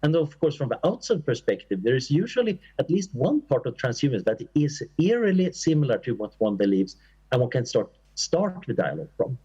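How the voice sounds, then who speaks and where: A man's voice: medium pitch, sing-song, fairly quick, dark tone, husky, dull audio. A man answering an audience question at an academic conference, in a thoughtful, discursive way with fillers and restarts. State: coughing at times. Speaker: conference speaker.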